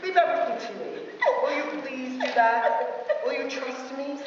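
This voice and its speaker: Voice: sits high, fairly even intonation, normal speed, close to an everyday voice. An actor playing a fretful, bickering older husband on stage. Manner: blustering, bickering theatrical delivery. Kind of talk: stage play performance. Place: theater stage. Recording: echoey hall, far-off mic, dull sound with faint noise.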